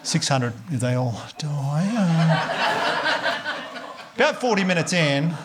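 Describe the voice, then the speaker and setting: An Australian man doing stand-up comedy, telling a story with animated delivery, swearing and acting out the other characters. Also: slow. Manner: animated, swearing, acts out voices with big pitch jumps. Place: comedy club stage before a laughing audience. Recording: comedy club with audience noise.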